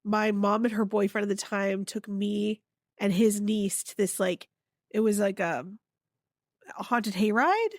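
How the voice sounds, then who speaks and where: A woman from Maine co-hosting a podcast, telling stories in a casual, animated way and laughing along. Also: medium pitch, a little slow, no room sound, studio quality. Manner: animated, lots of "like" fillers, laughs. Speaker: podcast co-host. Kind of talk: casual storytelling.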